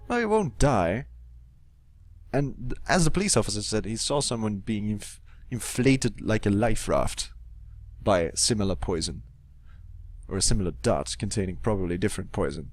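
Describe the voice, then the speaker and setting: A man's voice: lowish voice, lively intonation, moderate pace, dry recording. A young man casually commentating a game, joking, swearing and muttering to himself. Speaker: let's play host.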